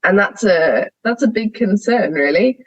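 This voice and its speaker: A woman's voice: mid-range voice, expressive, a little slow, breathy edge, no room sound, poor audio. A young woman, a sheep shearer guesting on a podcast, talking frankly and animatedly, laughing often as she tells stories. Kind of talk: candid conversational interview.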